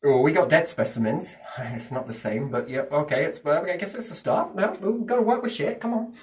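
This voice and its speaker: A man's voice: on the high side, fairly quick. A man talking in a casual, rambling monologue, swearing freely and asking himself questions, then answering them. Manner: animated, profane, speculative, asks himself questions and answers them. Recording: distant from the mic.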